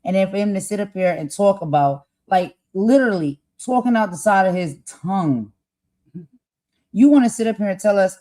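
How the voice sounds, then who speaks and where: A woman from the United States hosting a political talk show, speaking with impassioned conviction and growing loud as she makes her points. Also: medium pitch, lively intonation, moderate pace. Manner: impassioned, grows loud and emphatic. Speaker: host. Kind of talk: heated political commentary.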